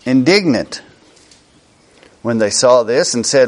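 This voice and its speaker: Slow, lively-pitched male preacher. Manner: slow, emphatic preaching with repeated words. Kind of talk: sermon.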